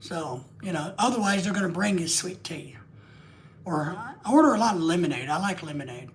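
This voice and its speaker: A man's voice: sits high, expressive, moderate pace, a little hiss or hum. A man hosting a live stream, rambling and joking casually with crude asides.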